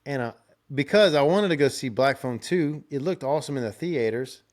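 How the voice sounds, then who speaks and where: Young dude rambling through a road trip story, easygoing, chuckles a lot. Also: male voice, medium pitch, animated, normal speed, a little mellow. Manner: rambling, laid-back, laughs often, restarts. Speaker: podcast host. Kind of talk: casual storytelling chat.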